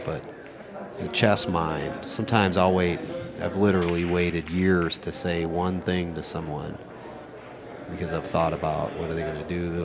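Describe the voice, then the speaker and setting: A man with a deep, low voice calls a pool match at a tournament venue. His play-by-play is casual and excitable, full of jokes and rambling side tangents. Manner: rambling, joking, excitable asides.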